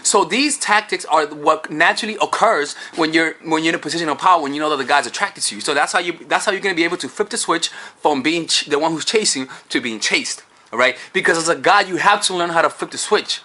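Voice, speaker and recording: A man's voice: on the high side, fast, pushed and bright. A man coaching on dating in a casual vlog, profane and rambling, recorded on a camera-mounted microphone.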